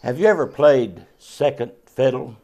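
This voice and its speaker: A man's voice: medium pitch, expressive, measured pace, mellow, highs cut off. A man presenting a short devotional segment on a religious TV program, telling a self-deprecating story in a folksy manner. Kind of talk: scripted devotional talk with anecdotes.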